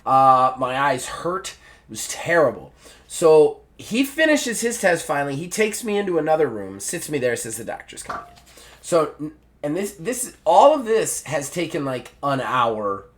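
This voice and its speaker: A man hosting a podcast, telling a story in a casual, animated way, swearing and acting out the dialogue. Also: a little high, a little slow. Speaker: podcast host.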